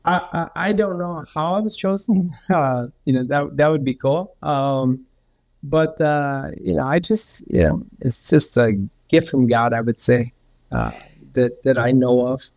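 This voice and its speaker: Male guest, gravelly, chatty storyteller, rambling with fillers. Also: measured pace, darkish tone. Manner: rambling, many fillers, acts out others' quotes in a higher voice. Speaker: healer and guest. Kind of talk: casual storytelling interview.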